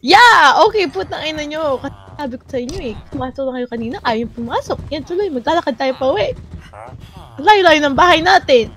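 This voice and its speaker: A young Filipino woman with a Filipino accent, giving profane, dramatic commentary and shouting at animals in a game. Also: high-pitched, animated, rapid-fire, hardly any pauses. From Philippines. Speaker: gamer. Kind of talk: casual gameplay commentary.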